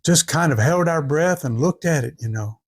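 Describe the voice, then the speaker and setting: A man spins a homespun tale. His voice sits high, and he slips into the voices of the people in his story as he goes. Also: expressive, moderate pace, slightly rough. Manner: drawling rural dialect, acting out each character. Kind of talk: folksy spoken storytelling.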